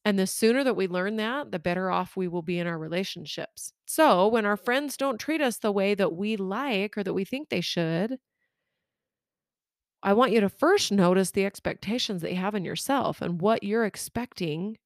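A woman coach talks listeners through everyday relationship advice in a relaxed, conversational tone. Her delivery is expressive and candid, speaking straight to the audience, with a mid-range voice. The sound is dry and close, with no room echo. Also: medium pitch, moderate pace. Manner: expressive, candid storytelling with direct address to listeners. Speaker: life coach and podcast host.

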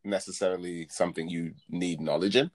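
Man, very low voice, playful co-host in casual podcast banter. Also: fairly even intonation, a little fast. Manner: chatty, laughs often, playful. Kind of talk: casual chat.

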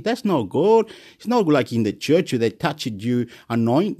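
A man from Chile, rambling in a monologue, swinging between loud excited boasting and quiet muttering and repeating words over and over. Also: mid-range voice, unhurried, hardly any pauses, slightly rough.

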